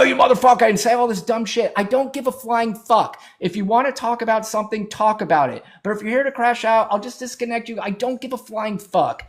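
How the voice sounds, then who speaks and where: A brash man hosting a livestream, swearing freely and mocking his callers. His voice sits a little high for a man. He talks in loose, profane bursts. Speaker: livestream host. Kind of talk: profane political livestream chat.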